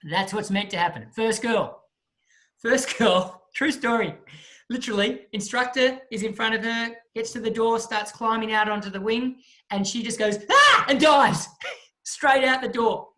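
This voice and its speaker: A man, a guest speaker telling a lively story in a talk and acting out the people in it. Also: extremely high pitch, moderate pace. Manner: lively storyteller who acts out the voices of the people in his story.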